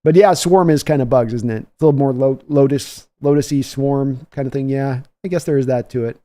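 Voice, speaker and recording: Mellow-voiced man doing live play-by-play. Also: medium pitch, fairly quick. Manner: chatty, thanks donors between plays. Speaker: livestream host giving play-by-play reaction. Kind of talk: casual live play-by-play commentary.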